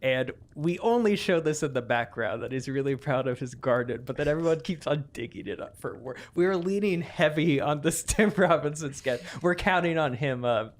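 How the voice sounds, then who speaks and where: A man's voice: fairly high pitch, lively intonation. A man co-hosting a comedy podcast, brainstorming a movie plot in a rambling, hesitant way. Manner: rambling, hesitant, quick to laugh. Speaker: podcast co-host.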